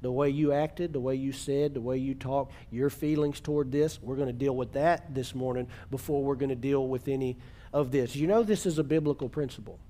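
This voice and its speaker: A man preaching a sermon in church, earnest, slowing down to stress key words and calling on the congregation to repeat after him. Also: mid-range voice, steady tone, warm tone. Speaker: pastor.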